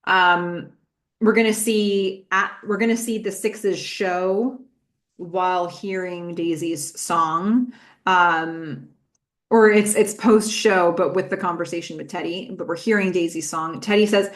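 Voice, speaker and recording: A woman's voice: on the low side, steady tone, slow pace. A woman hosting a rewatch podcast, recounting scenes in a conversational way with frequent filler words. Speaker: podcast host. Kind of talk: recap podcast commentary.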